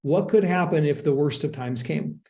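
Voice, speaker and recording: A man's voice: on the high side, moderate pace, creaky, a little mellow. A man who is a real estate investment sponsor, answering interview questions earnestly, explaining at length with frequent restarts.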